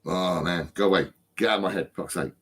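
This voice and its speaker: A vlogger, stoned, speaks into his phone in a fairly low, fairly bright, slightly rough voice at a slightly fast pace. He rambles, restarts and trips over words, swearing in nearly every sentence of this loose, unscripted vlog.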